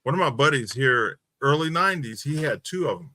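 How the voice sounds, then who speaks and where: A man's voice: medium pitch, fairly quick. A man hosting a talk show, chatting casually and adding short, encouraging replies. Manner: brief encouraging backchannels, relaxed. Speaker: host. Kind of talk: casual chat.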